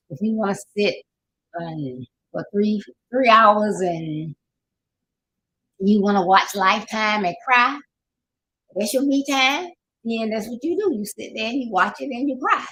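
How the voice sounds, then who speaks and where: A woman's voice: mid-range voice, a bit bright, a little hiss or hum, rough recording. An older woman with a Southern US accent, hosting a casual motivational talk, folksy and preachy, sometimes laughing as she talks. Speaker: life coach host.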